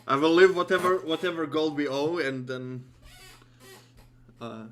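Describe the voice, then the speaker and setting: A man playing in a casual tabletop game, making quiet joking asides. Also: fairly high pitch, a little slow, a little hiss or hum. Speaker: player.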